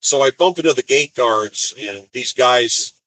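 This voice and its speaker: A man's voice: medium pitch, a little slow, fairly bright tone, no echo, poor audio. A man, a van driver, telling road stories in a rambling, wry way during a live stream from his van. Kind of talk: casual storytelling live stream. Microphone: phone.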